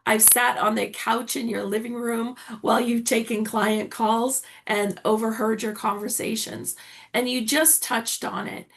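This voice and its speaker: A woman's voice: fairly high pitch, steady tone, unhurried, vocal fry. A woman hosting an online summit interview, enthusiastically praising her guest and asking follow-up questions. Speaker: summit host.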